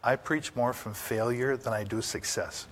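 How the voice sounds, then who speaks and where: A man's voice: medium pitch, moderate pace, slight background noise. An older man, a pastor, preaching a sermon in a folksy, anecdotal way, asking the congregation rhetorical questions.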